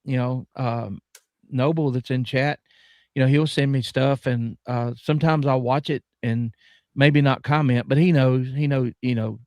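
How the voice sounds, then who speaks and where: A man with a Southern US accent talking as a guest in an easygoing chat. He rambles and leans on filler words, yet enunciates deliberately. His voice sits mid-pitch and sounds dry and close. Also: fairly even intonation, a little mellow, no echo. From American South. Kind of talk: casual chat.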